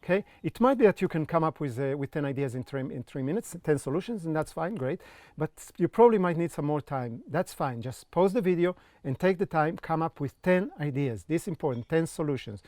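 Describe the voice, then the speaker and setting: A man coaching viewers through a creativity exercise in a slightly high voice. He speaks straight to the listener, gives clear step-by-step tasks and checks in often. The sound is dry and close, with no room around it. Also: lively intonation, a little fast, a little mellow, no echo. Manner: encouraging, checks in with frequent "okay?". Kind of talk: online course instruction.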